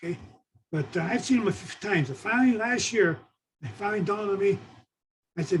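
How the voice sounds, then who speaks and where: A man's voice: sits high, brisk, pauses often, slight background noise, poor audio. Older man telling coaching stories. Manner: animated storyteller, keeps saying "okay". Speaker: former assistant coach, guest. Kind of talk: storytelling in a conversation.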